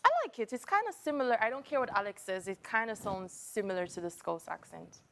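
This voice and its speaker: A woman's voice: mid-range voice, very animated, fast, slight background noise. A woman co-hosting a football show, chatting casually in a playful, teasing way. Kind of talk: casual chat.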